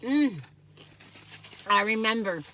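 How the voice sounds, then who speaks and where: A woman's voice: on the high side, lively intonation, takes it slowly, sharp tone, slight background noise. A chatty woman vlogging a food taste test, rambling as she eats and laughing often. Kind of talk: casual chat.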